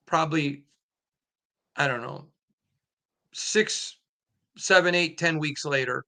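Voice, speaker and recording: Male sports podcast host, sharp bright voice, earnest storyteller. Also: fairly high pitch, takes it slowly, long pauses. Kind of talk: casual interview chat.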